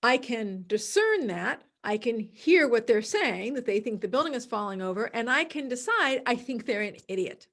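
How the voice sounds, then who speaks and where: A woman hosting a podcast, explaining an idea calmly and repeating her key words, sometimes acting out other people's voices. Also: fairly high pitch, normal speed, hardly any pauses. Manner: acts out quoted voices in a dramatic, excited tone. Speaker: podcast host. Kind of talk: solo podcast talk.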